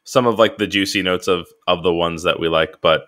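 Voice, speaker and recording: A man's voice: deep voice, fairly quick, fairly bright tone. A man co-hosting a casual podcast, playful and teasing, laughing often as he runs the show. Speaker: podcast co-host.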